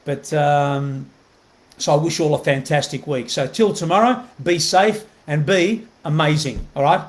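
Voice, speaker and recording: High-voiced earnest motivational man. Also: normal speed. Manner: earnest, keeps asking "right?" to the viewer; repeats himself, many fillers and restarts. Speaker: motivational host. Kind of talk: motivational live video talk.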